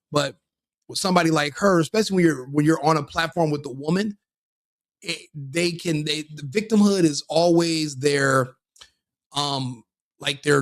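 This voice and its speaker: A man's voice: fairly high pitch, no echo, clean studio sound. A man hosting his own show, talking casually to his audience in a rambling way, restarting and correcting himself often. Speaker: podcast host. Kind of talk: casual solo commentary.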